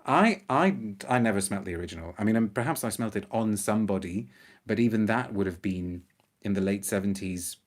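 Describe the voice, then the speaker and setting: A middle-aged man hosting an unscripted live-stream review, chatty and animated, reacting to viewer comments. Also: fairly low pitch, a little fast. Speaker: perfume reviewer, show host.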